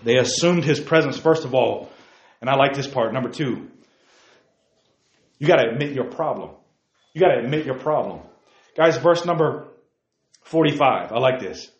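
A man preaching a sermon to young people, lively, calling listeners by name and asking them questions, swinging from loud outbursts to hushed asides. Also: mid-range voice, normal speed, long pauses, roomy sound, lo-fi sound. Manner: addresses listeners by name, asks rhetorical questions. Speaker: youth preacher.

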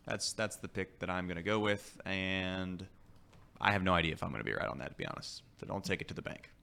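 Man, sports talk host, very bright voice, animated, rambling, casual chat. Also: low voice, fast, gravelly, clean tone. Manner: animated, rambling, restarts phrases.

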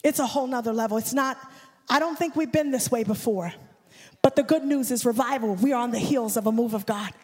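A woman preaching as a guest speaker in a church, building fervently and breaking into shouts and a sung cadence on a handheld microphone. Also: fairly high pitch, a little fast. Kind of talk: impassioned sermon. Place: church sanctuary. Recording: long church hall reverb.

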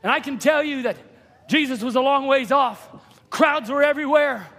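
A man preaching a sermon in a church, impassioned, swinging from hushed asides to shouting. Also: very high-pitched, normal speed. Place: church sanctuary. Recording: long hall reverb.

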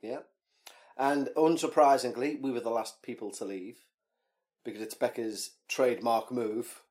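A man's voice: mid-range voice, fairly even intonation, measured pace, a little mellow. Man, podcast co-host, casual chat, joking, ranty. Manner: chatty, joking, ranting tangents.

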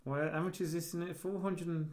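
A man's voice: a little high, steady tone, moderate pace, over a noisy crowd. A man co-hosting a film podcast in casual chat, rambling and self-mocking with lots of fillers. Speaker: podcast co-host. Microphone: portable recorder. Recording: echoey room on a portable recorder.

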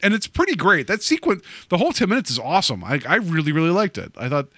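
A man's voice: fairly high pitch, wildly swooping pitch, fast, a bit bright, no echo. A man hosting a casual movie podcast, rambling and chatty with lots of filler words. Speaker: podcast host.

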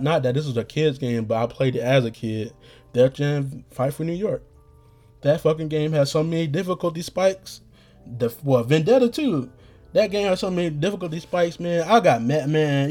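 Young male podcast host, hoarse, dark mellow tone, rambling and profane. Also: a little high, moderate pace, faint music behind. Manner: slangy, profane, rambling with restarts. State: getting hoarse. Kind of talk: rambling casual monologue.

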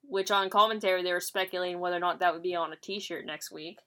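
A woman with a bright, forceful voice chats loosely on a podcast, laughing often and cursing freely. Her talk is blunt and unscripted. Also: fairly low pitch, steady tone, fast talker. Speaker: podcast co-host. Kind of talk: casual chat recapping wrestling.

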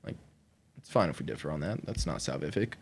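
A young man telling his personal testimony in casual conversation, animated, laughing often and acting out what people said. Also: rumbling low, quick pace, husky. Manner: animated, acts out quoted voices, laughs often.

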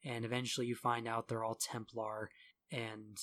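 Guy ranting about a game with his buddy, sarcastic, mid pitch, laughs a lot. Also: monotone, moderate pace, fairly bright tone. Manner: sarcastic, laughs often, mocks voices. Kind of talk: casual gaming chat.

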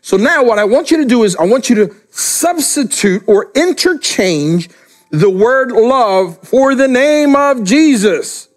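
High-voiced older man preaching slowly. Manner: slow, emphatic preaching that drops low and quiet for stress. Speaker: pastor. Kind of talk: sermon. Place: room with camera, daughter filming.

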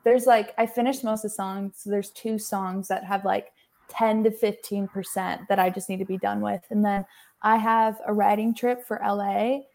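A woman's voice: medium pitch, little pitch movement, normal speed, gravelly, darkish tone. A young woman from Texas, a singer-songwriter guest, chatting casually over a remote feed and filling her talk with "like". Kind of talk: casual interview chat. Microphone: remote call feed.

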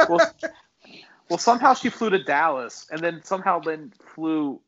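A man's voice: on the high side, big pitch swings, measured pace, sharp tone, dry recording, highs cut off. A man chatting on a podcast, dropping short, wry remarks and laughing. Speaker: podcast guest. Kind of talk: casual chat.

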